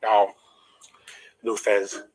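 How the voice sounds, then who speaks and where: A man's voice: fairly low pitch, completely flat delivery, drawn-out words, husky, low-quality recording. An older man, an interview guest, telling a long personal story in an emphatic, aggrieved way while holding back emotion.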